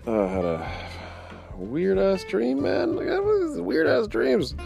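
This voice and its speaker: A man's voice: high voice, wildly swooping pitch, takes it slowly, gravelly, dark tone, soft background music. A young man hosting a casual morning podcast, rambling and wry, swearing freely. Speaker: podcast host.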